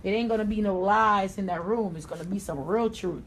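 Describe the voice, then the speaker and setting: A woman's voice: mid-range voice, fairly quick, slight background noise. Middle-aged woman, New York accent, blunt salon-owner teacher, mid-range voice. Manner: blunt, confident, streetwise, with Southern-tinged slang. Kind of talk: livestream haircut tutorial.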